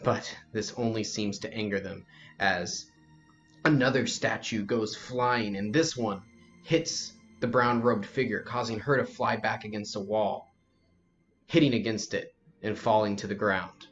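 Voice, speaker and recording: Acting as game master, a man narrates a tabletop role-playing game slowly, describing scenes in the second person. His voice is lowish and fairly bright, with fairly even intonation, on a lo-fi recording with faint music underneath.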